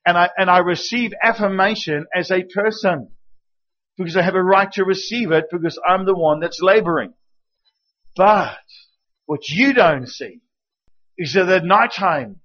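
A man with a high voice preaches as a guest speaker, acting out little dialogues as he tells his stories. At times he drops to a hushed, intimate tone. The recording sounds dull and lo-fi. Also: unhurried. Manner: animated storytelling with acted quotes. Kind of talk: sermon.

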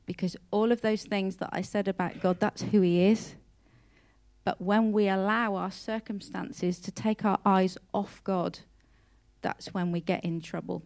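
A woman's voice: medium pitch, fairly even intonation, a little slow, creaky, a little mellow. A woman giving a heartfelt personal devotional talk, earnest and emotional, often repeating and restarting her words. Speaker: Christian speaker.

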